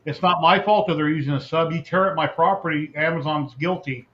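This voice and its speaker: A man's voice: a little high, fairly quick. A man hosting a casual live podcast and chatting with his audience. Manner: chatty, talks to the live chat. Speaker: podcast host. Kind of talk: casual chat. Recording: dull lo-fi with faint noise.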